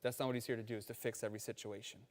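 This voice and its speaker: A man preaching a sermon in a conversational, animated storytelling manner, acting out quotes along the way. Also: medium pitch, racing, in a large hall. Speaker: pastor.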